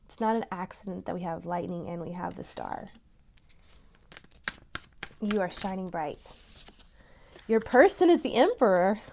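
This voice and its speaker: A woman giving a tarot reading to her viewers, talking in an encouraging, softly emphatic way and breaking into excited exclamations. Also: on the low side, measured pace, creaky, long pauses, slight background noise. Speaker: tarot reader.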